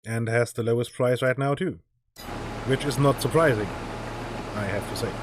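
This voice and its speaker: A man's voice: medium pitch, normal speed, breathy edge, dry recording. A man with a German accent chatting casually and joking while he plays a farming game on stream. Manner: chatty, joking, thinks aloud. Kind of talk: casual gameplay commentary. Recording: noisy background hiss.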